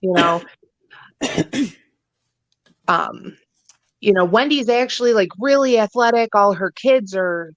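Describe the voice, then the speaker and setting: A woman co-hosting a livestream chat show, telling gossip in a profane, animated way. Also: mid-range voice, slow, long pauses, no echo. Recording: dull lo-fi stream audio.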